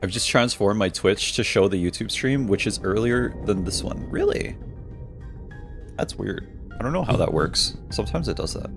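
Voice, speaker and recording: A man's voice: fairly low pitch, expressive, moderate pace, creaky, soft background music. A man live-streaming a game, chatting casually with his viewers in a playful, teasing, mock-dramatic way.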